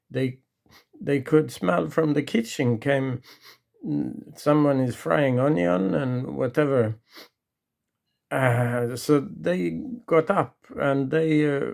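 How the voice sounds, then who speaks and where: Storyteller, man, gravelly and unhurried, halting delivery. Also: mid-range voice, a little mellow. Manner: halting, with restarts and pauses. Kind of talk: retelling a true story from memory.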